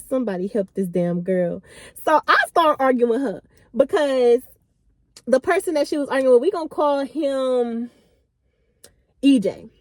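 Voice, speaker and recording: A chatty woman in her late twenties tells a wild story straight to her viewers. Her voice sits high and swings widely in pitch. The sound is dry and close to the mic. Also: no room sound. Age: late 20s. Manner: animated, chatty, slangy. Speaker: vlogger. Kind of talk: casual storytime.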